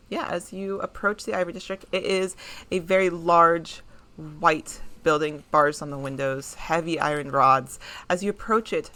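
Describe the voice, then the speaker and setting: A woman runs a tabletop game session, narrating each scene with plenty of pauses and fillers. Her voice sits a bit low but sounds bright and forward. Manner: descriptive, halting narration with fillers. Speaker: game master. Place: home streaming setup.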